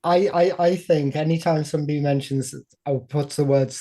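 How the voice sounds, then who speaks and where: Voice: mid-range voice, little pitch movement, brisk, few pauses, warm tone. A speaker in a casual chat, trading wry quips and laughing.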